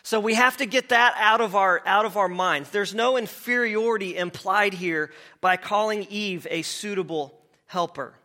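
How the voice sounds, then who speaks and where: A man preaching with a high, bright voice that sits well above most men's. He talks conversationally, restarting phrases and asking the room questions. It sounds like a pastor working through a message. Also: normal speed. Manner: conversational, asks the congregation questions, repeats words as he goes. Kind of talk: sermon.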